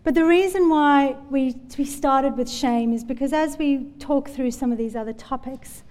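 A woman's voice: high-pitched, normal speed, a little mellow. A woman preaching a sermon in a church, telling Bible stories in an earnest, conversational way. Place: church hall. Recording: long hall reverb.

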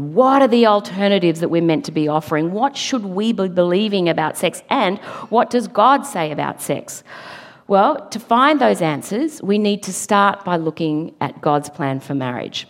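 A middle-aged woman giving an earnest, emphatic church talk, now and then laughing at her own slips. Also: fairly low pitch. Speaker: preacher. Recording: long hall reverb.

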